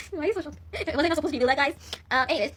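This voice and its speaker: A woman's voice: high-pitched, very fast, fairly bright tone. A young woman rambling casually as she retells a story, with lots of fillers, swearing and laughter. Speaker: vlogger.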